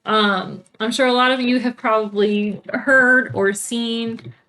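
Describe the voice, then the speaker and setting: A woman with a fairly high pitch speaks slowly in a steady, sharp tone, with a little hiss or hum on the recording. She co-hosts a cross-stitch video podcast, chatting casually, bubbly and full of fillers as she shows off her craft supplies, while a TV plays in the background.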